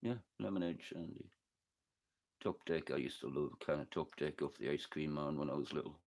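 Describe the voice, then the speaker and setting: Sweary northeast English man, very deep. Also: fairly quick, a little mellow. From northeast England. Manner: sweary, joking, rambling. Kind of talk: casual chat reading live comments.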